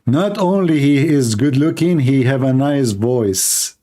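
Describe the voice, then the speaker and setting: Man, live stream host, very slow drawl, dark mellow tone, sarcastic, tired voice. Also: mid-range voice, expressive. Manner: sarcastic, laughs often, slow and drawn out. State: tired voice after hours of streaming. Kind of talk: mocking commentary on a live stream. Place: cold home room at a computer.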